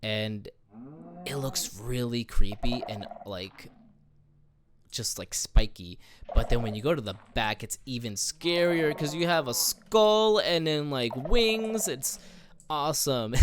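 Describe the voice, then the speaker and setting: A young man casually showing off a texture pack he made, relaxed and chatty with plenty of "like" and "man". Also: medium pitch, slow pace, background noise. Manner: laid-back, lots of "like" and "man" fillers. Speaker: texture pack creator showcasing his work. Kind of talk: casual gaming commentary. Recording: music playing underneath.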